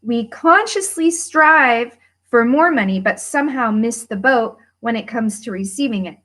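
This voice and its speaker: Reading aloud from a workbook with lively emphasis, the host of a money-mindset livestream chats casually with viewers, laughing and swearing freely. She speaks at a measured pace in a fairly high voice.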